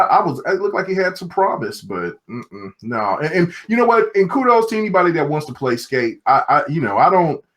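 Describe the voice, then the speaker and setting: A man co-hosting a casual gaming podcast, talking loosely with lots of slang and laughter. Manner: animated, swings pitch up and down, laughs a lot, slangy. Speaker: podcast co-host.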